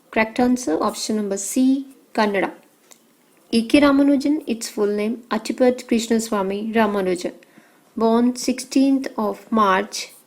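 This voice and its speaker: A woman teacher working through exam questions, reading out options and answers in short measured phrases. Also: a little high, rough recording.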